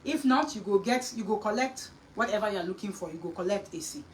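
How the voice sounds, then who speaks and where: A woman host with a Nigerian accent telling a story in a lively, scolding chat, slipping into Pidgin and Yoruba. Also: mid-range voice, fairly quick, far from the mic, a little hiss or hum, rough recording. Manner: animated, mixing Pidgin and Yoruba, scolding asides.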